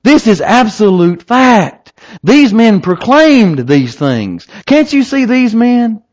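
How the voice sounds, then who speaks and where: A man preaching an evening sermon, emphatic and lively, asking the listeners rhetorical questions. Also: sits high, takes it slowly. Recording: slightly dull lo-fi recording.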